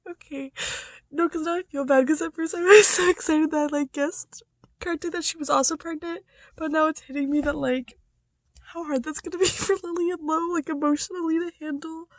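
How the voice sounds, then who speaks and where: Chatty, high-voiced young woman vlogger. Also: fairly quick, no room sound. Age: young adult. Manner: chatty, excitable, filler-heavy, swings between hushed and loud. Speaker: book vlogger. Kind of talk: casual reading vlog chat.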